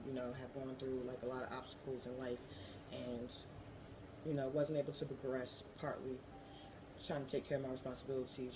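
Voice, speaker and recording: Earnest young woman over steady background noise. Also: a bass voice. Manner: earnest, many "you know" fillers. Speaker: scholarship applicant. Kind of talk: prepared to-camera appeal.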